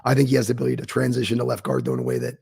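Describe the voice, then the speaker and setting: A man co-hosting a casual podcast chat, his voice going hoarse, talking confidently through his analysis with filler ums. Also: medium pitch, big pitch swings, very fast, darkish tone, no room sound, studio quality. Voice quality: gravelly, husky. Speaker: co-host.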